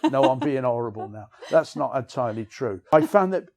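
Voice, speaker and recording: Gravelly-voiced man telling frank stories. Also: mid-range voice, fairly quick, a little mellow. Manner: rambling, frank, self-deprecating, peppered with "you know what I mean". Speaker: author interviewee. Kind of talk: candid storytelling conversation. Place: outdoors on city back streets.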